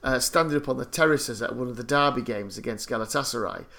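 A man's voice: medium pitch, fast talker, bright, forceful tone. A man chatting casually on a podcast, telling rambling, self-deprecating anecdotes full of restarts. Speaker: podcast co-host.

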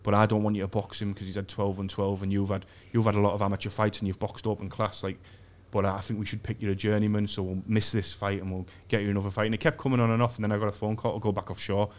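A man's voice: on the low side, level tone, fast talker, hardly any pauses. A man from England, telling crude, sweary stories on a podcast and acting out other people's lines. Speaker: podcast guest. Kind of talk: storytelling in casual chat. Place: podcast studio.

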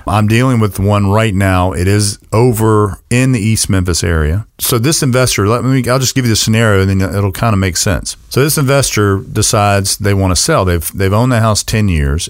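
A man, talking on a casual radio show. His voice sits low, but his pitch swings widely as he jokes and laughs his way through stories. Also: normal speed, few pauses. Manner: animated, jokey, laughs often. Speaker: real estate agent and co-host.

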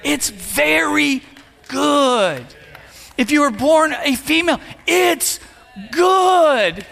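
Pastor, man, 50s, lively sermon with shouted peaks, gravelly edge to the voice. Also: very high voice. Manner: preachy, playful, builds to shouts. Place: church sanctuary. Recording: long hall reverb.

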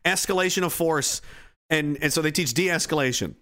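A man talking casually, profanely and excitedly, full of "like" and restarts. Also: fairly high pitch, moderate pace. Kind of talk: casual rant.

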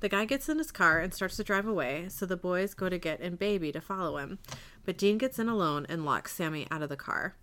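A woman with a bright, ringing voice retells a TV episode for a podcast. She slips the characters' lines in without changing her voice and laughs easily along the way. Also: lowish voice, animated, a little fast. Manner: reads character lines plainly, giggly. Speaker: podcast co-host recapping a TV episode. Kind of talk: casual chat, retelling scenes.

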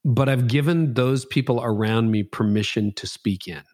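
A man's voice: mid-range voice, normal speed, a little mellow, no echo, studio quality. A man in his fifties, a pastor being interviewed, speaking candidly and reflectively with a self-deprecating streak. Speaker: pastor and guest.

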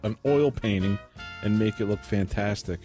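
A man's voice: lowish voice, normal speed, dark tone, soft background music. A man co-hosting a podcast, joking around and laughing often in casual banter. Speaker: podcast co-host.

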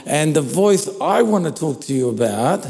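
A man preaching a sermon in a church, speaking into a microphone in a relaxed, conversational way and often checking in with his listeners. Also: fairly high pitch, moderate pace, vocal fry. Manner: conversational, checks in with "all right?". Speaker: pastor. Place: church hall. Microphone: handheld or stand microphone. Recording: long reverb of a large hall.

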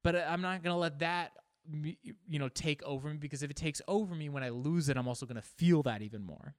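A man's voice: a little high, quick pace, no echo, clean studio sound. A man giving a casual, reflective monologue, musing and searching for words as he talks.

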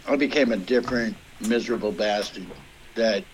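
A man's voice: on the low side, normal speed, slight background noise, poor audio. A middle-aged man, a comedian guest from the Boston area, telling rambling, profane stories in casual podcast chat.

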